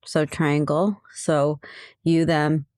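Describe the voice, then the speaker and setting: Low-voiced earnest woman coach. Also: little pitch movement, takes it slowly, darkish tone, dry recording, studio quality. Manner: earnest, reflective, repeats key phrases. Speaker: emotional abuse coach. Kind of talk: personal storytelling talk.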